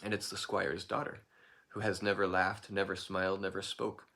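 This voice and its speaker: A man telling a folk tale in an informal, improvised way, relaxed and correcting himself as he goes. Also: sits low, normal speed, gravelly. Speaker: storyteller.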